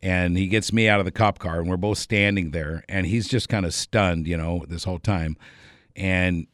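Deep-voiced man telling a story. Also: normal speed, no echo, clean studio sound. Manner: chuckles often while telling; relaxed, rambling with fillers. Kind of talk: casual anecdote telling.

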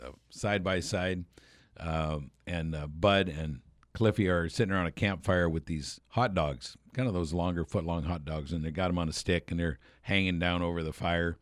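Deep-voiced man telling a rambling story. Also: no room sound, clean studio sound. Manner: rambling, chuckling, many fillers and restarts. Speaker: radio show host. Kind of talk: casual storytelling.

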